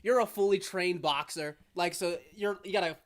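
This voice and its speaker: A woman's voice: lowish voice, moderate pace. A woman narrating a tabletop game as game master, rambling with lots of fillers.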